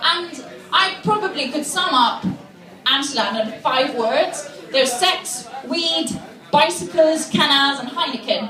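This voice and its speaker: A woman's voice: sits high, takes it slowly, echoey room, recorded from a distance, a crowd in the background. A woman from Malta performing a chatty stand-up comedy set, laughing through her lines. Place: comedy venue on stage. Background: audience.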